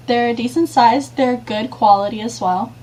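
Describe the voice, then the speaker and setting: A young woman guest on a podcast, chatting casually in a relaxed way. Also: on the high side, normal speed, noisy background. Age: young adult. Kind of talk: casual chat.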